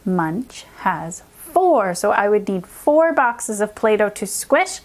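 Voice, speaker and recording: A young adult woman who teaches reading, giving an upbeat lesson to young children and slowly sounding out letters and words. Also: mid-range voice, very animated.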